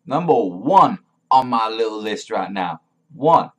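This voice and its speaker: A man with a lowish voice rants through a comic review. He rambles and swears freely, piling up fillers as he goes. His talk is casual and unscripted. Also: lively intonation, measured pace, fairly bright tone. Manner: profane, rambling, filler-heavy. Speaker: manga reviewer.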